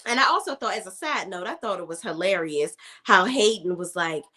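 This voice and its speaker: A woman's voice: mid-range voice, lively intonation, a little fast, sharp tone. A young woman recapping a TV episode in a casual, sassy, emphatic way, repeating words for emphasis. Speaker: TV show reviewer.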